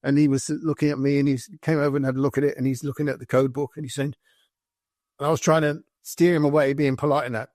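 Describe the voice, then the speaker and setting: This podcast guest is a British former soldier sharing army stories conversationally. He talks fast at a medium pitch, animating his anecdotes with quoted dialogue, captured in clean studio sound with no echo.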